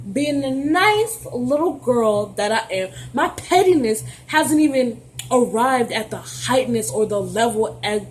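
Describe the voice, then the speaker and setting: A young adult woman tells a story to her viewers in a casual vlog, her voice a touch high. She is animated and sassy and swears freely. A faint hum of room ambience sits behind her. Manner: playful, addresses viewers directly. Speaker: vlogger.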